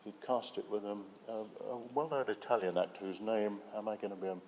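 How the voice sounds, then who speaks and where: An older British man, an actor, telling stories in an interview in a relaxed way, with fillers and restarts. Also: lowish voice, brisk, slight background noise. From Britain. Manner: relaxed storytelling with hesitant fillers. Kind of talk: interview anecdote. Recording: hall reverb with faint music.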